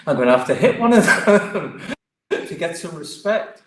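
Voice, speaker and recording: A man with a Geordie accent, a martial arts guest telling stories in a lively, chatty way. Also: fairly high pitch, moderate pace. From Newcastle, England. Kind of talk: casual storytelling interview. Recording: echoey room.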